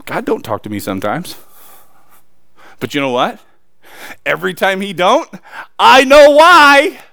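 A man preaching a sermon, reading scripture and then talking it through in a casual, emphatic way with sudden loud peaks and quiet asides. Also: fairly high pitch, big pitch swings, moderate pace, gravelly, no room sound, clean studio sound. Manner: reads scripture aloud then preaches conversationally with slang.

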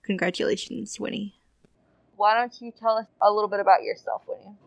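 A woman's voice: mid-range voice, fairly even intonation, brisk, vocal fry, poor audio. A woman hosting a casual interview podcast, asking friendly questions. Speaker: podcast host. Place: farmers market.

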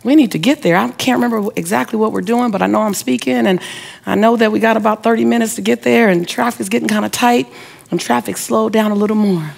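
Animated woman giving a motivational speech. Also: on the high side, fast, creaky. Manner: animated storyteller, acts out quoted voices; audience-directed, repeated rhetorical questions. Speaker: motivational speaker. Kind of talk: inspirational speech.

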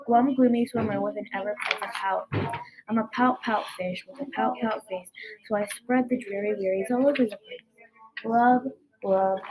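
A woman's voice: medium pitch, rough recording. A woman reading a rhyming children's picture book aloud in a sing-song way. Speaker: storybook reader. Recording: chattering crowd behind.

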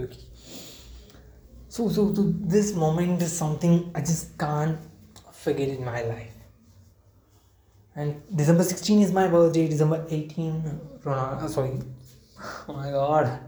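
Speaking with a warm, medium-pitched voice, this young football fan rambles emotionally in an unscripted vlog, repeating himself and nearly crying. Faint ambient noise and a roomy echo fill the recording.

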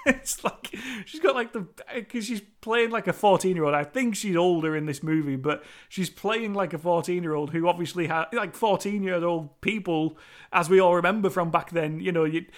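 A man's voice: high-pitched, normal speed. A British man from the UK giving a loose, rambling film review, full of restarts and casual swearing. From United Kingdom.

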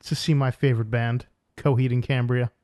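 A man from New York co-hosting a casual podcast chat, blunt and deadpan as he tells joking stories. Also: medium pitch, a little fast. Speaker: podcast co-host.

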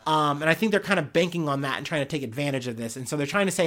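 A man's voice: fairly high pitch, quick pace, few pauses. A man hosting a news podcast. He reads articles aloud and breaks off into blunt, profanity-laced commentary. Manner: profane, blunt, animated asides.

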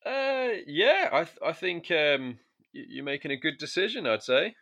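A man's voice: on the high side, big pitch swings, moderate pace, a bit bright, highs cut off. A man co-hosting a comedy podcast, chatting casually with stumbles and restarts. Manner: hesitant, stumbling restarts, dry. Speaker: podcast co-host.

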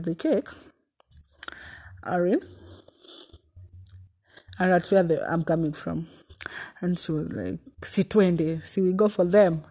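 A young woman with a Kenyan accent tells a personal heartbreak story, swinging between loud exclamations and hushed asides and slipping in Swahili. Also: on the low side, slightly rough. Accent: Kenyan English. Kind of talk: emotional storytime vlog.

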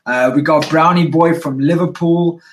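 Energetic male live-stream host who swears freely, recorded off-mic in an echoey room. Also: fairly high pitch, moderate pace, recorded from a distance, slight background noise.

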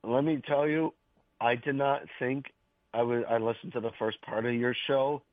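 A man's voice: mid-range voice, steady tone, moderate pace, no echo. A man calling in as a guest to a sports talk show, rambling through his points. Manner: rambling, loose train of thought. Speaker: phone-in guest. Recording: tinny phone line.

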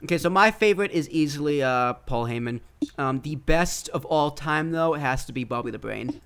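Guy cohosting a podcast, kinda high voice, pushy and teasing, loves to argue. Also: expressive, normal speed, a bit bright, smooth. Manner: argumentative, eager, teasing. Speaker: podcast co-host. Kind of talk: casual chat.

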